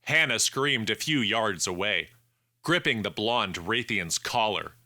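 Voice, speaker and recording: A man narrating an audiobook in a measured, deliberate way, with lively intonation. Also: on the low side, no room sound, studio quality. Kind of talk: scripted narration.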